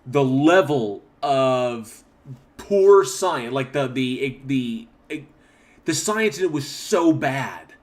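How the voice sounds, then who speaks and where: Man from northern Oklahoma, mid-pitched, casual livestream host, loose rambling delivery. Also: animated, extremely slow. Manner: rambling, restarts, reads chat aloud. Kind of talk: casual livestream chat reading comments.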